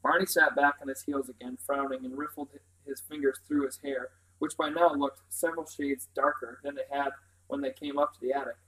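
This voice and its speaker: A man's voice: mid-range voice, little pitch movement, brisk, pushed and bright, poor audio. A man reading a novel aloud in an unpolished way, stumbling now and then and correcting himself. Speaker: reader.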